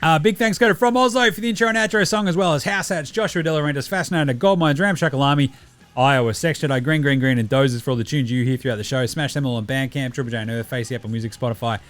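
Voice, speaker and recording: A man's voice: medium pitch, fast, a bit bright, soft background music. A man with an Australian accent hosting a sports podcast, talking in a laid-back, jokey, slangy way. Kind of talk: casual podcast chat and sign-off.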